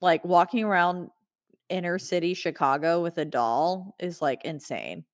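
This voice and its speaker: A woman's voice: on the low side, animated, unhurried. A woman in her thirties from Texas, co-hosting a podcast and recapping a film in casual, chatty talk with lots of fillers and laughs. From Texas, United States. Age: 30s. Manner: chatty, laughs often, storytelling with many fillers. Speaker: podcast co-host.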